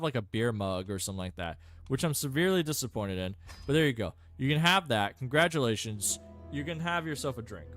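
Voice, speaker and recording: Male gameplay streamer, animated swoopy delivery, rambling and self-deprecating, soft music bed. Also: medium pitch. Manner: rambling, self-mocking, thinks aloud with many fillers. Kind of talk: casual gameplay commentary.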